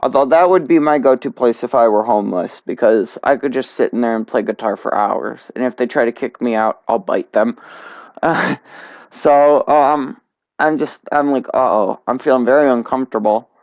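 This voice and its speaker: A young man tells a story in a casual, stumbling way, full of fillers and restarts. His voice sits at an ordinary middle pitch. The recording is dull and lo-fi, close and dry with no room sound. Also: a little mellow, no room sound. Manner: halting, many restarts and fillers.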